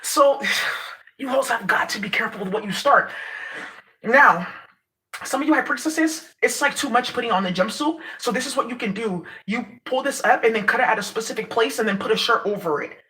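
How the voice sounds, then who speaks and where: Lady vlogging, brash and cussing a lot, kinda high bright voice. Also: animated, brisk. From Nigeria. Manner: brash, profane, laughs a lot. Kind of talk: casual rant to camera.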